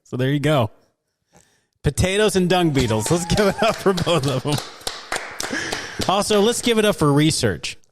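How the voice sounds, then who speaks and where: Man, podcast host, casual banter, animated pitch, laughs a lot. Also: normal speed, long pauses, noisy background. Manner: playful, laughs often, reads news items aloud. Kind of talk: casual chat.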